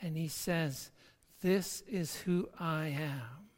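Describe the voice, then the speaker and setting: A pastor with a medium-pitched voice preaches slowly and deliberately, emphatic in tone and repeating words as each point builds. A long church-hall reverb trails every phrase.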